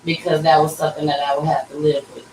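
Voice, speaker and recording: Her voice sits low and a bit mellow, delivered flat and fast, as this woman in her 30s casually tells viewers an emotional personal story, calling them "y'all." She livestreams off-mic from an echoey tattoo shop with a faint hum in the background.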